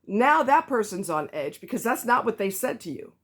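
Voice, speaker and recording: A woman's voice: a little high, very animated, normal speed. A woman ranting to her viewers in a vlog, blunt and emphatic, repeating herself for stress. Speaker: vlogger. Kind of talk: ranting to camera.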